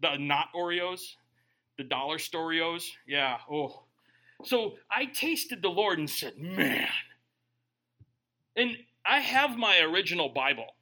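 A middle-aged man preaching a humorous sermon, joking with the congregation and swinging between quiet asides and loud bursts. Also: a little high, slow pace. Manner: animated, joking, bursts of shouting.

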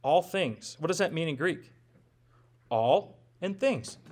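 A man's voice: a little high, lively intonation, slow pace, darkish tone. A male pastor preaching a sermon in a conversational way, with rhetorical questions and self-deprecating humor.

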